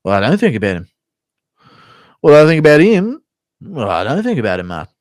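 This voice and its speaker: Streamer imitating an offhand Aussie fighter, drawling, raised pitch, dry sound. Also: male voice, wildly swooping pitch, brisk, dry recording. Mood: dismissive. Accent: Australian. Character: offhand male Australian fighter.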